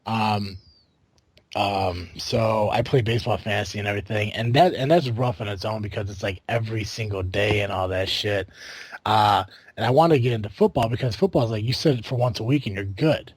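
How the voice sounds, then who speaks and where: A man's voice: on the low side, fairly quick, husky, dry recording. A man from the United States hosting a casual podcast, rambling with lots of fillers and restarts. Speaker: podcast host.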